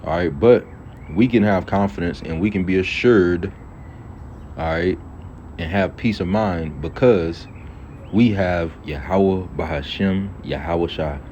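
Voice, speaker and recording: Deep, dark-voiced man preaching casually. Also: measured pace. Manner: reads scripture aloud, then explains it in loose everyday talk; peppers speech with "all right" and "okay". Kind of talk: casual Bible teaching. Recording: dull lo-fi audio with faint traffic noise.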